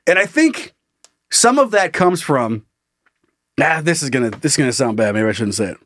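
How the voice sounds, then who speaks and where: A man's voice: medium pitch, very animated, moderate pace, a bit bright, dry recording, clean studio sound. A young adult man co-hosting a podcast in casual comedic chat, swearing freely, laughing and riffing. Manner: profane, laughing, riffs into mocking bits. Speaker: podcast co-host.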